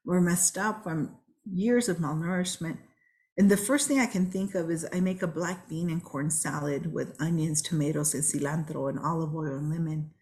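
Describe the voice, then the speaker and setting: Lower-voiced woman telling earnest stories. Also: darkish tone. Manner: earnest, reflective storyteller. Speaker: webinar speaker. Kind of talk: storytelling talk. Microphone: video call.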